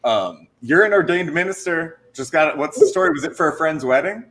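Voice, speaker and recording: A man's voice: on the high side, expressive, brisk, fairly bright tone, a little hiss or hum. A man hosting a sports talk show, asking rambling questions in a joking, casual way. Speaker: podcast host. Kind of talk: casual interview chat.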